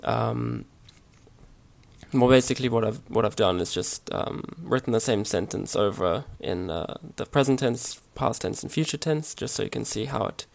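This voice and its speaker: Gravelly-voiced man giving a casual lesson. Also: medium pitch, moderate pace. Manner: relaxed, hesitant, many fillers and restarts. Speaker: language teacher. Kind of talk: casual slide-based language lesson.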